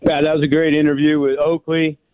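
An older man from New York calls in over a tinny phone line, his voice a little high. His delivery is dry and close, and he rambles with fervour, stumbling over repeated words. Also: flat delivery, fairly quick, no echo. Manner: rambling, repeats himself, fervent. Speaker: caller. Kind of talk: call-in radio chat.

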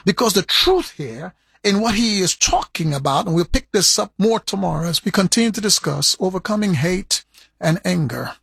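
Male preacher, raspy gravel in the voice, animated delivery that keeps repeating words for emphasis. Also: dry recording. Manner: animated preaching with sharp swings in pitch and pace. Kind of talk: sermon.

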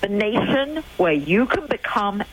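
A woman's voice: mid-range voice, very animated, measured pace. Older english lady calling in, chatty and emphatic, phone line with a bit of hiss. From England. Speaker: guest. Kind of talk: call-in radio talk.

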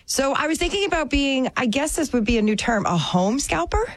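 A woman's voice: high voice, expressive, a little fast, no room sound. A woman co-hosting a radio show, chatting casually in a playful, self-amused way and laughing often. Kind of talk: casual chat.

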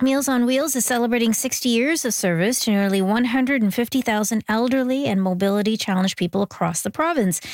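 A woman anchoring a radio newscast, reading in a brisk, measured way. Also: on the high side, no echo, studio quality. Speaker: news anchor.

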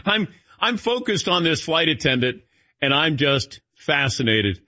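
A man hosting a casual radio talk show, his voice swinging up and down as he tells his stories. The tone is bright but a bit husky, recorded dry with a muffled, lo-fi edge. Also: a little high, a little slow, no echo. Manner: animated storyteller, calls on cohosts by name. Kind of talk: casual on-air banter.

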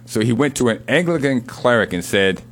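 A man co-hosting a casual show, telling a joke and reading sports history in an unhurried storytelling manner. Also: mid-range voice, lively intonation.

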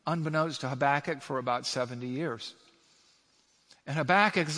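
A man's voice: medium pitch, normal speed, pauses often, pushed and bright. A man preaching a sermon as a pastor, speaking with emphasis and throwing rhetorical questions at his congregation. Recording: long hall reverb.

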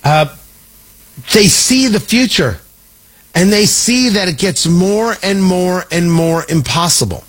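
Husky, sarcastic talk radio host. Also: male voice, sits high, expressive, slow. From Midwest. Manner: sarcastic, riffing, breaks into mock voices. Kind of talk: opinionated political talk radio monologue.

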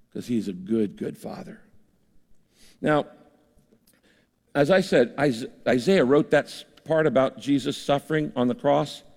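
A man's voice: mid-range voice, a little mellow, in a large hall. An older man preaching a sermon in an earnest, conversational way, speaking to a large church auditorium. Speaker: pastor.

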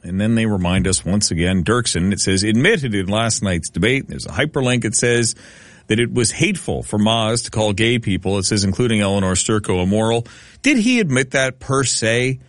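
A man hosting talk radio, his voice sitting on the low side. He picks things apart in a dry, sardonic way. The studio sound is close and dead, with no room echo at all. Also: animated, normal speed. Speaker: radio talk show host.

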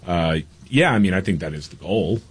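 A man with a low, husky voice offers his take in a casual talk-show chat. He weighs his words, then speeds through his point. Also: expressive, moderate pace.

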